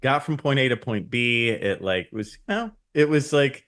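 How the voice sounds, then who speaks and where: Man, podcast co-host, casual, rambling, hedging, mid-pitched. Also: animated, moderate pace, a bit bright. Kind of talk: casual chat.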